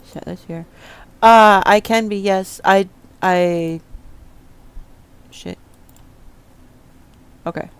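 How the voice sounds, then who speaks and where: A woman's voice: medium pitch, very slow, pauses often, clear, resonant tone. A woman streamer chatting to herself as she plays, casual and prone to swearing under her breath. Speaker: game streamer. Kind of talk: casual gameplay commentary.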